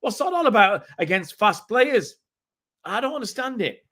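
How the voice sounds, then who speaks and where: A middle-aged man from England reacts live to a match on a fan stream, exasperated and circling back over the same complaints. His voice sits a little high for a man. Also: sing-song, normal speed, sharp tone. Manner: exasperated, repetitive ranting. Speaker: fan channel host.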